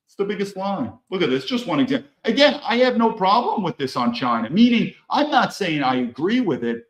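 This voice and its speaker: A man giving emphatic political commentary while playing video clips, repeating his key phrases for stress. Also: a little high. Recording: echoey room.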